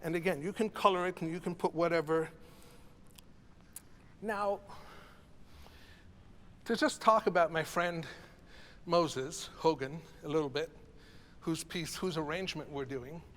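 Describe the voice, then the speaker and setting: A man's voice: fairly high pitch, fairly even intonation, a little slow, long pauses, a bit bright. A man conducting a choral masterclass, coaching singers in an encouraging, reflective way. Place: rehearsal hall with a choir. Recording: reverberant hall, faint ambience.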